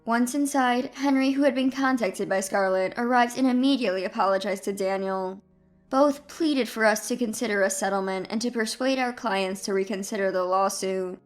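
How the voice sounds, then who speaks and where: A woman narrating a first-person drama story in an even, composed storytelling manner. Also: on the high side, normal speed, soft background music.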